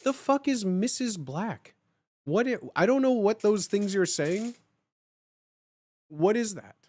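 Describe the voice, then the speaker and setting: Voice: mid-range voice, animated, takes it slowly, a little mellow. A livestreamer talking casually with chat, reassuring and blunt, often repeating lines and joking.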